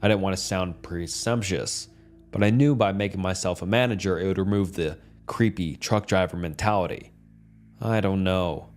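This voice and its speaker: A man reading a dark first-person horror story as a calm, steady scripted narration. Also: deep voice, normal speed.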